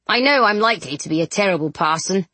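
A woman voicing a gentle, cheerful young man in an audiobook, wistful and soft-spoken. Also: mid-range voice, animated, quick pace, dry recording.

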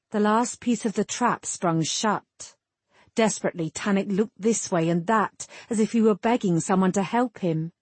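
Husky-voiced woman narrating a fantasy tale. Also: medium pitch, moderate pace, a little mellow, dry recording.

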